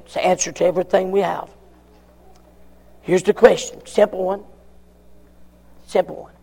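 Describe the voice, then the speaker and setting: A man preaching a sermon, emphatic, repeating his questions with long pauses. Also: high voice, steady tone, creaky, long reverb tail. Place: church.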